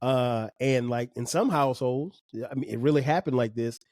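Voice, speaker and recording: A man in his forties hosting a podcast, telling stories in a relaxed, conversational way with slang and chuckles. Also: mid-range voice, moderate pace, no room sound, studio quality. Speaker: podcast host. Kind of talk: casual storytelling monologue.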